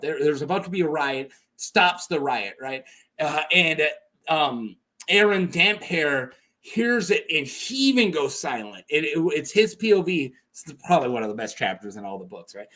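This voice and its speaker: High-voiced man, animated and chatty. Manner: animated and chatty, laughs often. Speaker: lore video host. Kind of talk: casual lore retelling.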